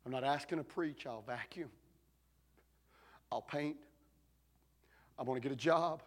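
A man voicing a disgraced male pastor who quietly and earnestly begs to make amends. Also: medium pitch, measured pace, lightly acted. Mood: pleading.

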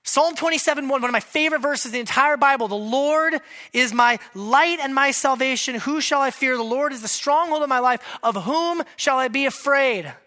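A male pastor delivers a sermon in a bright, forceful voice. He is animated and conversational, putting direct questions to his listeners and dropping in joking asides. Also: very high voice, fairly quick.

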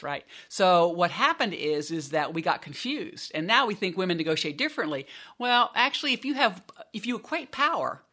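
A woman's voice: lowish voice, sharp tone. A woman professor as an interview guest, explaining research conversationally and often restarting her sentences. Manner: explanatory, self-correcting restarts. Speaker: business school professor, guest.

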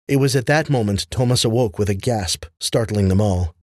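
An audiobook narrator reads scripted fantasy fiction aloud in a measured, even storytelling style. His voice is on the low side, and the recording is dry and clean, with studio sound.

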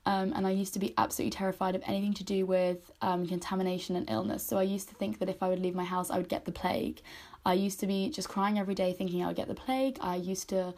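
A woman's voice: mid-range voice, little pitch movement, fast, darkish tone. A woman in her twenties hosting a personal podcast, speaking candidly and emotionally, at times choked up. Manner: candid, emotional, speaks in run-on spoken sentences with many likes. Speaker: podcast host.

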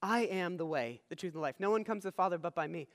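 A man's voice: high voice, animated, fast. A man preaching a sermon as pastor, teaching earnestly and checking in with the listeners. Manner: earnest teaching, frequent "all right?" check-ins. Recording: long hall reverb.

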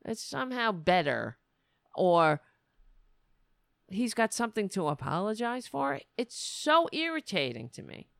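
A woman's voice: mid-range voice, very animated, a little slow, creaky, no room sound, clean studio sound. A woman hosting her own show, talking in a casual, sarcastic, profane rant. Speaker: show host. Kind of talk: casual ranting monologue.

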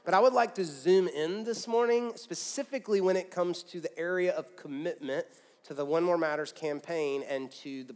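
A man preaches to his congregation in a fairly high voice. He pushes key lines up loud and then drops to near-quiet appeals. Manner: emphatic preaching with big swings from loud to soft. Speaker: pastor. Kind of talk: sermon. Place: church auditorium with a congregation.

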